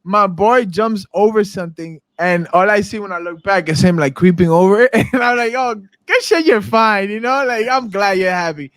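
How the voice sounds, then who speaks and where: A man's voice: sits high, moderate pace, few pauses, no room sound. A young man co-hosting a podcast, telling a street story in casual chat and acting out the people he quotes. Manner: animated storyteller acting out quotes in different voices. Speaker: podcast co-host.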